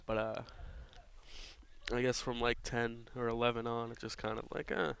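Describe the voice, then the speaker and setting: A man's voice: medium pitch, level tone, normal speed, gravelly, a bit bright, clean tone. A man doing casual, rambling play-by-play for a local baseball game, drifting into offhand jokey asides.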